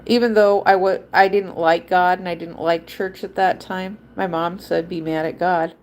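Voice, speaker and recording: A woman's voice: fairly low pitch, fairly even intonation, moderate pace. A woman hosting a livestream, telling a personal story in a rambling, emphatic way and repeating her points. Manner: acts out quoted voices. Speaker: livestream host. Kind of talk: casual personal monologue.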